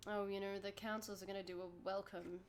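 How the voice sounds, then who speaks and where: A breezy young half-elf wine seller, put on by a woman running the game, who gossips freely and drops candid asides. Her voice sits at a middling pitch. It is a tabletop role-play voice. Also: flat delivery, brisk, slight background noise, close to an everyday voice. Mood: gossipy. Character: young stylish female half-elf wine merchant, chatty.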